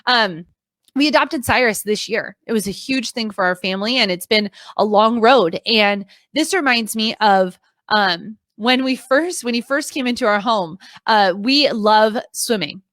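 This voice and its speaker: A woman's voice: fairly high pitch, a little slow, fairly bright tone, no room sound, clean studio sound. A woman in her thirties giving a motivational talk to a live online audience as a video coach, earnest and emphatic, repeating her key phrases. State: emotional, near tears at times.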